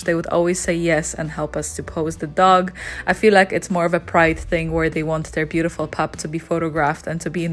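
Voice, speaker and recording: A woman's voice: lowish voice, fairly bright tone. A young woman photographer hosting a casual vlog outdoors, cooing at dogs and then talking to camera. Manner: gushing baby talk to dogs. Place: outdoors on city streets.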